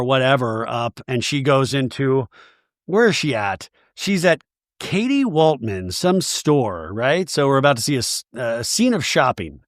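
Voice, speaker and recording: A man's voice: medium pitch, no room sound, studio quality. A man hosting a reality TV recap, chatting casually and animatedly, often slipping into quoted voices. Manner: animated, gossipy, quotes cast members in put-on voices; emotional, laughs often. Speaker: podcast host recapping reality TV. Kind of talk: casual chat.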